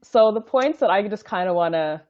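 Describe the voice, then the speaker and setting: A woman's voice: mid-range voice, animated, moderate pace, a little mellow. A woman co-hosting a casual chat show, chatty and upbeat, introducing topics for viewers. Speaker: podcast co-host. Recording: muffled lo-fi audio.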